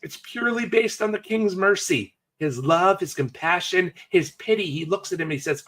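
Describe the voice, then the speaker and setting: Man, pastor, conversational sermon; slightly high voice, very lively pitch, jokey. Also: normal speed, hardly any pauses. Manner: animated, conversational storytelling with jokey asides.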